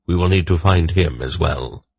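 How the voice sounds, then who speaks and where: A man's voice: sits low, moderate pace, gravelly, breathy edge, no echo, full character voice. A man voicing an old male wolf pack leader who speaks in a commanding, dry, decisive way in an audiobook.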